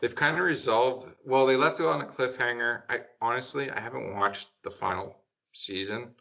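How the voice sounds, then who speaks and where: A man's voice: medium pitch, normal speed, vocal fry, pushed and bright. A man chatting casually on a panel, rambling with lots of fillers and getting enthusiastic. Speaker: podcast panelist. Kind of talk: casual group chat. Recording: dull lo-fi sound.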